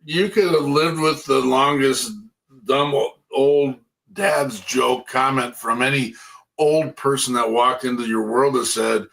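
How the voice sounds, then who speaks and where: A man with a bright, sharp-edged voice co-hosts a loose livestream chat. He teases the others and cracks jokes in easy banter over a video call. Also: medium pitch, steady tone, unhurried, vocal fry, low-quality recording. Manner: teasing, joking banter. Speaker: co-host. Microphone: video call setup.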